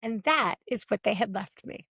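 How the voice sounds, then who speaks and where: A woman in her forties, co-hosting a podcast, telling lively stories in a casual chat. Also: moderate pace, gravelly, slightly rough, no echo. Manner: animated storytelling, swings between high and low. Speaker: podcast co-host.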